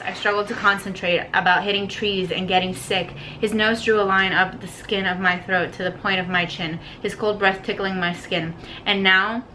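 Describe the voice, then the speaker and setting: A young woman ranting about a book, her voice bright and sharp-edged. She swears freely in her exasperation and breaks off to read passages aloud. A faint hiss sits under the recording. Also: medium pitch. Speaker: book reviewer. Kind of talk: ranting book review vlog.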